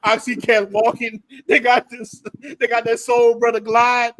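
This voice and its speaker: An American man hosting a livestream group chat, telling animated, slangy stories and laughing often. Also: very high voice, a little slow, no echo. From United States. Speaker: livestream host.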